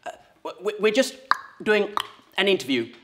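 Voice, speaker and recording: A man playing a clumsy presenter who stammers over his questions, pitched a bit high. A faint hiss sits under the recording. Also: expressive, moderate pace. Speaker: interviewer character. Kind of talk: comedy sketch acting.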